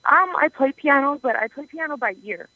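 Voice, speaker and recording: A woman's voice: high voice, animated, moderate pace, no room sound, phone-quality sound. A young adult woman from Canada, a singer being interviewed, chatting casually and laughing often. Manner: giggly, talkative. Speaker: singer guest.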